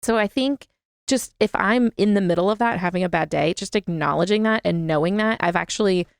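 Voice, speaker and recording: A woman's voice: mid-range voice, fairly quick, vocal fry, clear, resonant tone, no echo, studio quality. A woman co-hosting a podcast in casual chat, speaking in a reflective, reassuring way. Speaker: podcast co-host.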